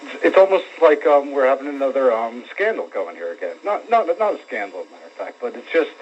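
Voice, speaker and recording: A man's voice: medium pitch, big pitch swings, fairly quick. A man calling in to a talk radio show, hesitant and indignant. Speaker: caller. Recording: dull lo-fi radio with faint noise.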